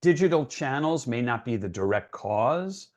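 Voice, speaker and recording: A man's voice: mid-range voice, sing-song, moderate pace, darkish tone. A man giving an educational talk for parents in an earnest, reassuring, conversational way. He often checks in with his listeners by asking "right?". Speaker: presenter for parents. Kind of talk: educational presentation.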